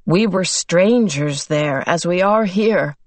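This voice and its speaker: A woman voicing a grave, worn father in a storybook, speaking slowly and distinctly. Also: on the low side, dry recording, lightly acted. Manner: slow and distinct.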